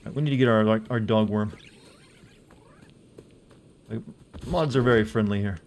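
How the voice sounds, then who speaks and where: A man's voice: fairly low pitch, moderate pace, a little mellow, a little hiss or hum. A man streaming a game live, rambling and teasing as he answers his chat and reads menu text aloud.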